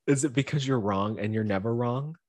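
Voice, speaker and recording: Over a video call, a podcast co-host teases and argues in a casual, animated chat. He speaks briskly in a mid-range voice, and the recording is dry.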